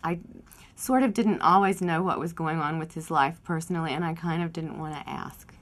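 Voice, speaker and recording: An actress reminiscing in a documentary interview, quoting past conversations. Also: female voice, deep voice, moderate pace. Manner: reflective, quoting others.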